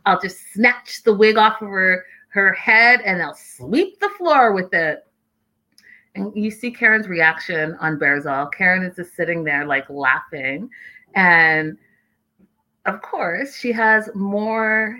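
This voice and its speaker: A woman chatting casually as she recaps a reality show, animated and full of laughing asides. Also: mid-range voice.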